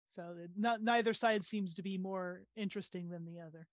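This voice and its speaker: A woman's voice: mid-range voice, fairly quick, dry recording. A woman narrating as game master in a tabletop game on a live stream, with a hesitant delivery full of fillers and giggles.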